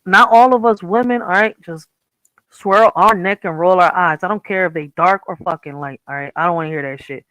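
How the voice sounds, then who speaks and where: A woman's voice: fairly low pitch, a little fast, a bit bright, slight background noise, rough recording. Blunt, profane woman streamer. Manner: blunt, profane, keeps saying "all right?". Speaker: streamer host. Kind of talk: casual reaction stream rant.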